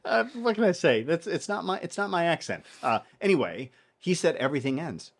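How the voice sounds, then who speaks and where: Guy cohosting a podcast, playful and animated, husky voice that bounces up and down a lot. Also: sits high, normal speed. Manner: animated, playful, lots of fillers. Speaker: podcast co-host. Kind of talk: casual podcast chat.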